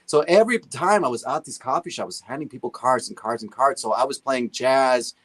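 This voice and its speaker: Brief: male musician guest, lively storyteller who slips into quoted voices, mid-range voice. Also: mid-range voice, brisk. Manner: animated, acts out the voices of others. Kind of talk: casual storytelling.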